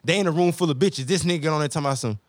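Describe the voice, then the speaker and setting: A man's voice: fairly high pitch, very fast, no room sound, studio quality. A man guesting on a casual podcast, telling loose, profane stories full of quoted asides. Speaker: guest musician.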